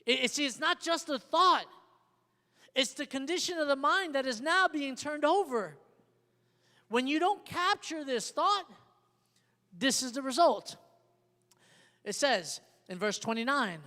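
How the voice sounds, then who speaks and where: This is a sermon from an emphatic male pastor preaching in a hall, his voice very high and animated, a little slow, with frequent pauses. He keeps repeating questions to the congregation. Soft guitar sits under a long hall reverb.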